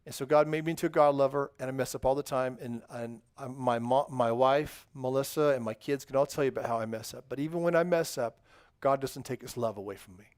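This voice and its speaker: A man's voice: medium pitch, fast talker, a little mellow, no room sound, studio quality. A middle-aged man giving a children's sermon in church, quizzing the kids and praising their answers in an upbeat, encouraging way. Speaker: children's pastor. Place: church sanctuary.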